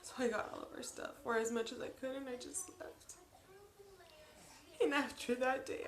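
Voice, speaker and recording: Emotional woman in an echoey room. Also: high-pitched. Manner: emotional, halting, with many restarts. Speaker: vlogger. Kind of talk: personal confessional vlog.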